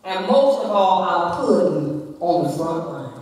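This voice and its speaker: Slow, emphatic woman preaching in echoey church. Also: on the low side, big pitch swings, darkish tone. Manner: dramatic, emphatic preaching with storytelling. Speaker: church speaker. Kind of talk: women's day sermon. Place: church sanctuary. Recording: echoey church hall from far off.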